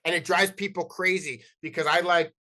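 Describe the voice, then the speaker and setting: A middle-aged man from New Jersey and New York City, a podcast guest telling animated stories in casual interview talk, often acting out dialogue and restarting his sentences. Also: high-pitched, normal speed. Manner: animated, acts out quoted dialogue, frequent restarts and "like".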